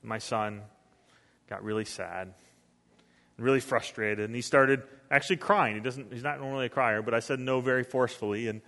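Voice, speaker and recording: A middle-aged pastor, preaching a sermon with lively storytelling and sudden swings between loud and soft. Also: male voice, medium pitch, normal speed. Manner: storytelling with acted quotes, animated swings in volume. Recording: long reverb of a hall.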